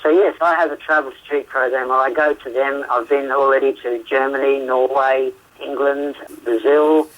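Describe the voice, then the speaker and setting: A man from Australia with an Australian accent, talking as a guest therapist in a phone interview, chatty, laughing often and filling pauses with "uh" and "um". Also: mid-range voice, steady tone. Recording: radio show phone line.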